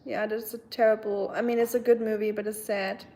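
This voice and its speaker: A young German woman hosts a livestream, chatting casually, reading her chat aloud, and using plenty of fillers. Her mid-range voice has a dark tone, moves little in pitch, and comes out briskly.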